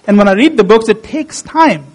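A man preaching a sermon, slowing down and repeating phrases to stress key words. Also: high-pitched, animated, a little mellow, rough recording.

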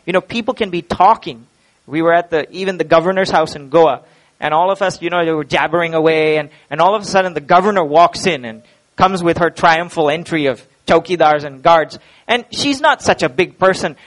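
Male preacher, high voice, emphatic sermon, rhetorical questions. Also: a bit bright, rough recording.

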